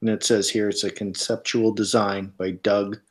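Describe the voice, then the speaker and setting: A man's voice: fairly low pitch, flat delivery, moderate pace. A man hosting a casual chat, hesitant and full of fillers as he reads from a book. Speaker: host. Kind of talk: casual chat, reading book text aloud.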